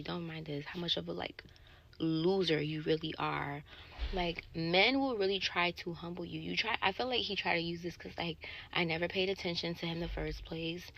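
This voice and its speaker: A woman telling a casual story to camera about a bad date, indignant and animated, swearing and acting out both sides of the dialogue. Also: lowish voice, creaky, muffled recording. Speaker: sales associate telling a dating story.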